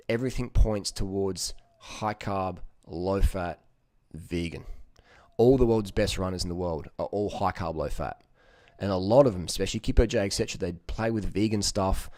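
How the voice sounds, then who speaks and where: A man's voice: deep voice, darkish tone, no echo. A man talking in a casual, rambling monologue, blunt and profane, with lots of "you know" fillers. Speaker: vlogger giving diet advice.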